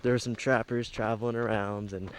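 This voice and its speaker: A man's voice: lowish voice, steady tone, a little fast, slight background noise, low-quality recording. A man casually narrating a travel vlog outdoors into a handheld camera, rambling and hesitant with lots of fillers. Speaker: travel vlogger. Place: outdoors on a trail and a scenic overlook. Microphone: handheld camera mic.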